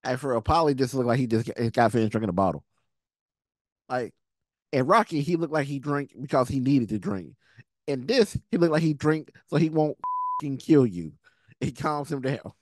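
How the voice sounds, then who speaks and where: A man's voice: medium pitch, moderate pace, darkish tone, no echo, studio quality. A man giving casual, slangy commentary while reacting to a movie, laughing often.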